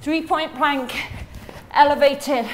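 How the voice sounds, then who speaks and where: Woman fitness coach, high voice, cues and counts mid-workout, slightly breathless, faint background hiss. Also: fairly even intonation, slow. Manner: counts reps and cues moves while exercising. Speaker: fitness instructor. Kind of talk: coaching while working out.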